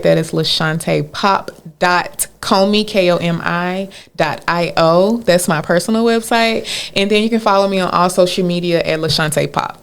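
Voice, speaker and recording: Low, gravelly woman singer, smooth tone. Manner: brief answers, repeated affirmations. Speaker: singer, interview guest. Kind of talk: radio interview.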